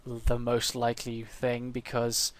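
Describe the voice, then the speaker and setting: A man with a medium-pitched, everyday voice talks through his strategy game in casual let's play commentary. He thinks aloud, pausing often and filling the gaps with "uh" and "um". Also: completely flat delivery. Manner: thinks aloud, hesitant, many fillers.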